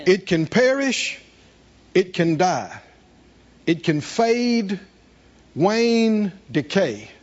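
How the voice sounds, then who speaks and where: A man's voice: high-pitched, big pitch swings, extremely slow, long pauses, highs cut off. A man preaching a sermon, reading scripture and asking the congregation questions to answer back. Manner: call-and-response preaching, rhetorical questions, reading scripture aloud. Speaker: pastor.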